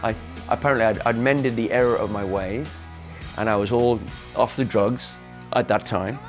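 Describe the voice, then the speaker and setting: A man being interviewed, telling his own story frankly and haltingly, with restarts. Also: mid-range voice, faint music behind. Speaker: interviewee, former band member. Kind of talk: candid reflective storytelling.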